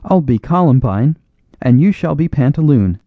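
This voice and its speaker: A man voicing an eager, excited young woman in a storybook reading. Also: fairly high pitch, moderate pace, dry recording, narrow, tinny audio, pitched above the performer's own voice.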